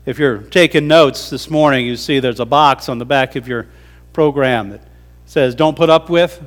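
A man's voice: medium pitch, moderate pace. A male pastor delivering a folksy, humorous sermon in a conversational way.

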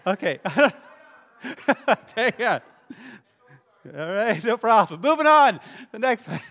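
A male pastor with a rather high voice leads his congregation through a playful sermon, teasing people in the pews by name. His words ring out with a long reverb from the church hall around him. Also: sing-song, slow, fairly bright tone. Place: church sanctuary.

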